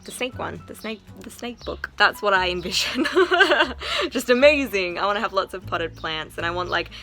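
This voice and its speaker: A young woman from South Africa or Australia chatting excitedly and rambling a little in a casual vlog, often giggling. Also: fairly low pitch, brisk, vocal fry, soft background music. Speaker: vlogger.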